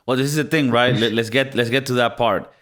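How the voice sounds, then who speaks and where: A man co-hosting a casual movie review podcast, talking in an animated way and slipping into mock accents. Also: medium pitch, brisk. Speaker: podcast co-host.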